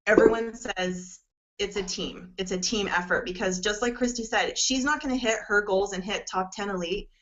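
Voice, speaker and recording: A woman's voice: mid-range voice, normal speed, fairly bright tone. A woman in her forties speaks in a casual, rambling way, full of fillers and emotional, close to tears. The sound is dull and lo-fi, like a call recording. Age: 40s. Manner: rambling, many fillers, tearful at times. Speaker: network marketing coach. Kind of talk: casual personal sharing.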